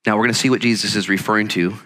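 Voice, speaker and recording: Male pastor, sermon; bright tone, energetic conversational delivery, acts out quotes. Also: lowish voice, rapid-fire. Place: church sanctuary. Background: congregation present.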